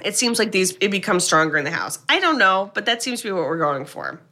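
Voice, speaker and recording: A young woman chats through a film's plot in an animated, casual way. Her voice is bright and clear. She slips into the characters' lines as she goes. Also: medium pitch, fast talker. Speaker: podcast co-host. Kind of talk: casual chat recapping a film.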